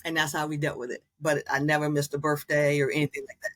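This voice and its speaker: A woman in her sixties, a guest on an interview show, telling caregiving stories in a lively way, acting out other people's voices and laughing often. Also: low voice, quick pace. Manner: animated storyteller who acts out quoted voices and laughs often. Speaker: guest, author and former caregiver. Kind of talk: storytelling interview.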